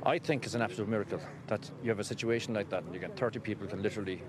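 A man who took part in a rescue, talking quickly and emphatically. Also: on the low side, crowd noise.

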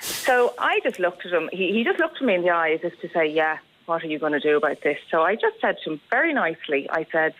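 An Irish woman in her thirties, calling a radio phone-in and telling a story with lively energy and frequent laughs. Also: fairly low pitch, fast, a little hiss or hum. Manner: animated storytelling, laughs often. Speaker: caller. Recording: muffled phone-in line on radio.

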